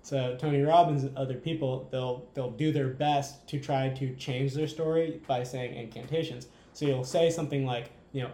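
Enthusiastic rambling man, mellow voice. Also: medium pitch, steady tone, fairly quick, hardly any pauses, reverberant. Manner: enthusiastic, rambling, frequent "like" and "right?". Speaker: podcast guest. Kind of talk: casual conversation.

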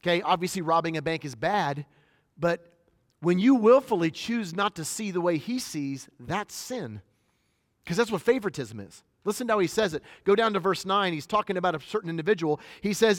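A man's voice: high voice, expressive, normal speed, fairly bright tone, no echo, studio quality, big-room sound. A middle-aged man preaching a sermon as a pastor, switching between conversational storytelling and emphatic points.

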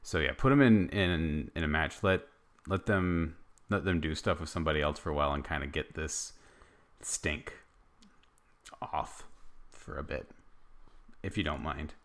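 A man from the United States co-hosting a casual chat, blunt and animated, sometimes jumping into high exclamations. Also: unhurried, pauses often. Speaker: podcast co-host.

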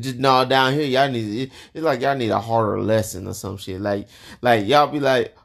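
A man with a gravelly, rough-edged voice in loose, unscripted chat. He swears freely and circles back over his own phrases as he goes. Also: mid-range voice, moderate pace. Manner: profane, rambling, repeats himself. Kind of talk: casual chat.

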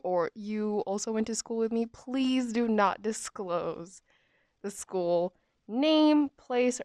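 A young woman in her twenties rambles through a casual storytime, full of fillers and asides. Her voice is clean and smooth. It sits close and dry, with no room around it. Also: mid-range voice, darkish tone, dry recording. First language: English. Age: 20s. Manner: chatty, rambling, many "um" and "like" fillers.

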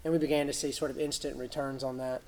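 Measured businesslike man, gym co-owner. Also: medium pitch, flat delivery, a little mellow. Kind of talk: casual podcast interview.

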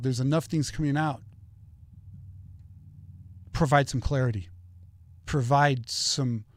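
A man's voice: medium pitch, a little mellow, no echo, studio quality. A middle-aged man hosting a solo political commentary show, talking in an opinionated, conversational way and telling stories.

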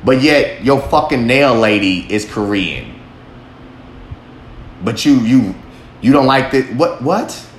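A man hosts a podcast, delivering a rambling, profane monologue in which he talks bluntly and swears constantly. His medium-pitched voice is expressive and slow, with frequent pauses, recorded in an echoey room with a faint background hum.

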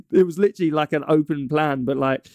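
A man's voice: a little high, brisk, darkish tone, no room sound, studio quality. A young man from England in casual chat, telling a long story with many stumbles and restarts. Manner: rambling, stumbles and restarts often.

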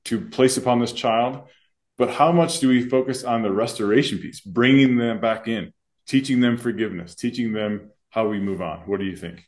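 His voice is mid-range and his pace moderate. This parent and school administrator co-hosts a podcast, speaking in an earnest, reflective way as a school leader during a laid-back conversation.

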